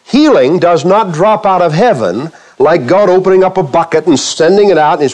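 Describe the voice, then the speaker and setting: A male pastor preaching in church, his voice sitting a little high and swinging widely in pitch. He throws questions out to the congregation and slips into playful quoted voices to make his point. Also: lively intonation, moderate pace, darkish tone. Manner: acts out quoted speech for humor. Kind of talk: sermon.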